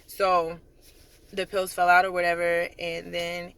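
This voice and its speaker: A young drill sergeant casually telling stories about training, talking in an animated way with lots of "like". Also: mid-range voice, unhurried, smooth. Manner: chatty, animated retelling with frequent "like". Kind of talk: casual storytelling vlog.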